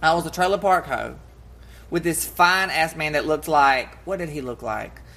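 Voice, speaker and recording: A woman co-hosting a podcast in casual chat, brash and crude, telling stories loudly. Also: low-pitched, normal speed, a little hiss or hum. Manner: brash, crude and loud, animated storyteller. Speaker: podcast co-host.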